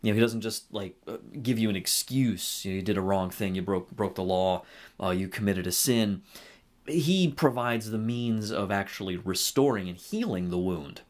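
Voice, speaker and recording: A man giving a casual spoken film review and faith reflection. He talks in an animated, halting way and often stops to correct himself. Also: lowish voice. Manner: animated retelling with a halting, self-correcting flow.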